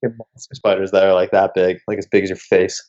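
A young man, a podcast guest, telling animated travel stories in casual chat and swearing freely. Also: sits low, fast. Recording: dull lo-fi recording.

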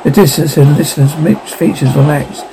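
A man's voice: fairly high pitch, steady tone, brisk, vocal fry, warm tone, a little hiss or hum, low-quality recording. A man narrating a ghost story aloud as an audiobook, giving the characters light voices of their own.

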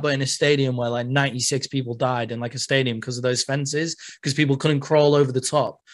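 A man's voice: medium pitch, fairly bright tone. A young man from England with a British accent, hosting a podcast in casual chat and swearing freely. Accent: British English. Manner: chatty, swears a lot, laughs often. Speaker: podcast host.

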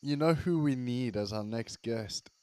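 A man's voice: mid-range voice, a little slow, darkish tone, dry recording. Laughing young man. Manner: laughs often, eager chime-ins. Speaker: podcast co-host. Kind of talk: casual chat.

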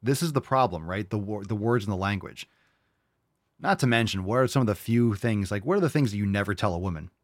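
A man's voice: lowish voice, a little fast, no echo. Blunt, profane man ranting, dry sound. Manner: blunt, profane and heated, mocking others in a raised voice. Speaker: podcast host answering listener questions. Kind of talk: casual rant.

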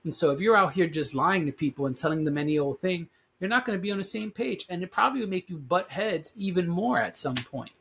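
Husky congested man hosting a podcast. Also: sits high, expressive, fast talker, few pauses, a bit bright. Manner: conversational and emphatic, reads news aloud with asides. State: congested from allergies, sniffling. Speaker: podcast host. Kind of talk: casual solo podcast commentary.

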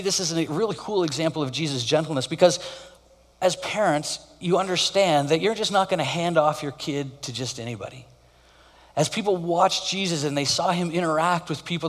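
Man, pastor, conversational sermon, animated storyteller, lingering hall echo. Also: fairly high pitch.

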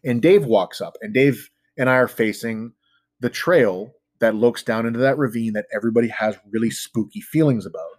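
A man's voice: mid-range voice, normal speed, a little mellow, dry recording. A man telling a spooky story in casual talk, rambling and full of fillers, joking about himself now and then. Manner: rambling, filler-heavy with frequent "like". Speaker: storyteller guest.

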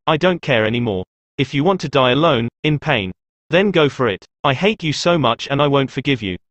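A man's voice: mid-range voice, no room sound, natural voice. A man playing a traumatized adult man who confronts his abusive mother with intense emotion.

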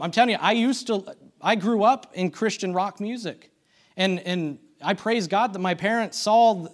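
A man giving a conversational sermon, full of restarts and self-deprecating asides, asking the congregation for amens. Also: high-pitched. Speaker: church speaker.

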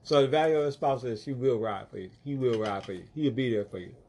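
A man on a casual talk panel, animated and swearing, quick to back others up. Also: medium pitch. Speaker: podcast panelist. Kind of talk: casual chat.

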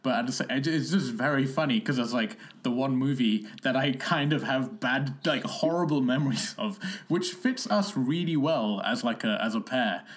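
A man's voice: mid-range voice, moderate pace, few pauses. A young man, co-hosting a podcast in a casual, rambling chat full of fillers and laughs. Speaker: podcast co-host.

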